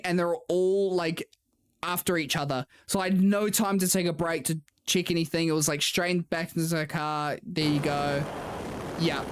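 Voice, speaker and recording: A woman's voice: fairly low pitch, slight background noise. A young woman racing driver streamer chatting casually with viewers, saying "like" a lot and laughing often. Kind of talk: casual livestream chat with viewers.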